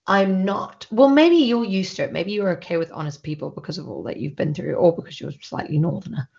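A woman's voice: on the low side, a little fast, gravelly, a little mellow, husky. A woman from South Africa with a South African accent, hosting a podcast in casual chat, teasing and upfront in how she talks. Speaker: podcast host. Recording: dull lo-fi podcast audio.

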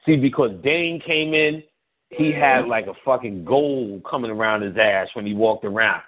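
A man telling profane, animated stories in casual chat as a radio guest. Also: medium pitch. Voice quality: animated, profane, fast-shifting delivery. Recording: phone-like radio audio.

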